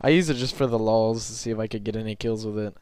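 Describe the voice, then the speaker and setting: A young man giving rambling, self-conscious gameplay commentary from his bed late at night, filling pauses with lots of ums. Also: lowish voice, steady tone, a little mellow, a little hiss or hum.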